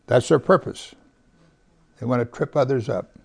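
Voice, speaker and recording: A pastor with a gravelly, medium-pitched voice gives unhurried Bible teaching. He reads each verse slowly, pressing heavily on the words, and at quiet moments sinks almost to a whisper.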